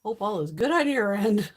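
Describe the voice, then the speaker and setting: A woman's voice: medium pitch, breathy edge. Chatty, foul-mouthed woman streamer. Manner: chatty, blunt, swears freely. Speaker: beauty livestream host. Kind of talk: casual live-stream chat.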